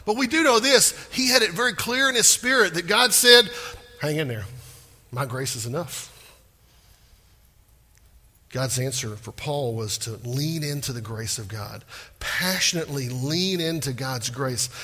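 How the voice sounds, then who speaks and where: A man preaches in a church sanctuary, his voice bright and a little raised in pitch. He acts out prayers with growing fervour, and the sound carries a long reverb from the large hall. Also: moderate pace. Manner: animated preaching, acting out prayers in rising voice. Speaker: pastor. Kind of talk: sermon.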